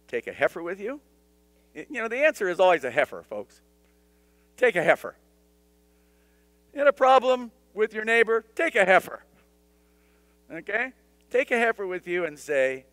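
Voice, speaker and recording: A man's voice: medium pitch, fairly bright tone. A male pastor teaching a Bible study in a conversational way, with humorous asides and dramatized scripture voices.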